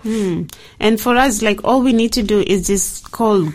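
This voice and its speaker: A woman co-hosting a casual devotional talk who answers in soft, short replies. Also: mid-range voice, a little slow.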